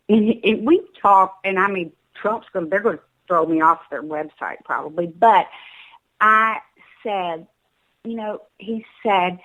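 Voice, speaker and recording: A woman's voice: medium pitch, normal speed, phone-quality sound. A woman with a Southern US accent calling in to a talk show. She urges listeners emphatically and often stumbles and repeats her words.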